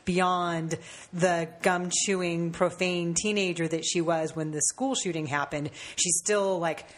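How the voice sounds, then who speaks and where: A woman co-hosting a film review podcast, calmly and articulately defending her view of a movie. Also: lowish voice, a little slow, slight background noise. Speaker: film critic co-host. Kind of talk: casual film review chat.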